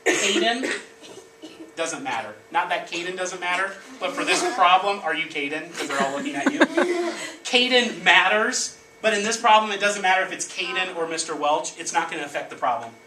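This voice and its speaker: A male teacher leads a classroom of children, prompting them with lively call-and-response and brisk instructions. He is picked up from across an echoing classroom, a little distant, with steady room noise behind him. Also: a little high. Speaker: elementary school teacher. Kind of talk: leading a classroom math lesson. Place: elementary school classroom. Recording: echoey classroom, distant mic, background noise.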